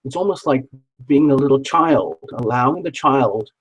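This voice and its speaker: A man's voice: mid-range voice, animated, moderate pace, husky, low-quality recording. A man doing a live tarot reading, chatty and encouraging, who repeats words for emphasis. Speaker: tarot reader.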